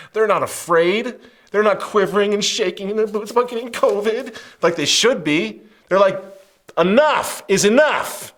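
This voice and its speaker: A middle-aged man hosting a commentary show, emphatic and sarcastic, swinging between loud outbursts and hushed asides, with many rhetorical questions. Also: medium pitch. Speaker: show host. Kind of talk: impassioned political commentary.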